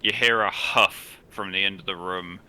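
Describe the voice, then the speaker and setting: A man narrating as game master of a tabletop game, describing actions in plain, halting phrases. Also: sits low, steady tone, bright, forceful tone.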